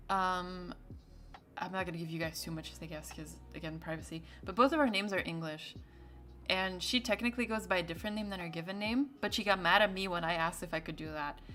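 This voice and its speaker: A young woman streamer chatting casually with her viewers, laughing often and trailing into quick asides. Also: on the low side, a bit bright.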